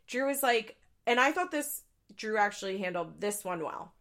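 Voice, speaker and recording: A young adult woman hosting a podcast, recapping in a chatty, profane, casual way with quick asides into a studio mic. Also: medium pitch, lively intonation, fairly bright tone. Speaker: podcast host.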